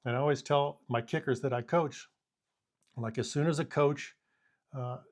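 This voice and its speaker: A man's voice: mid-range voice, normal speed. Man in his fifties telling sports stories. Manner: animated storyteller who acts out the scene with quoted lines. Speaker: former college punter and kicking coach. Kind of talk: casual anecdote telling.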